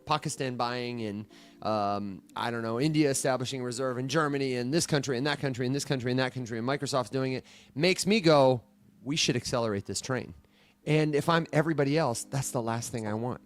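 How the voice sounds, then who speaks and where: A man's voice: mid-range voice, fairly quick. A man co-hosting a morning show, musing aloud and asking rhetorical questions in casual chat.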